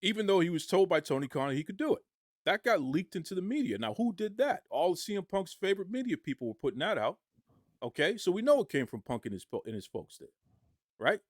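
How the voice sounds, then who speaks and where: A man giving impassioned podcast commentary, arguing forcefully and firing off rhetorical questions. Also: high voice, big pitch swings, fast, no echo, clean studio sound.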